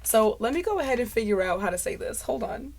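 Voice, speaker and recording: A woman vlogs in a casual talking-head chat, rambling stream-of-consciousness style and laughing at herself. Her voice is on the high side, sing-song and a little mellow, with vocal fry and a quick pace, and the mic is close to clipping.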